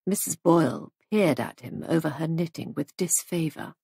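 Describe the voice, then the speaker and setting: Gravelly woman reading an audiobook. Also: low-pitched, mellow, no echo, studio quality. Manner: measured storytelling. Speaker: audiobook narrator. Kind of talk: audiobook narration of a mystery.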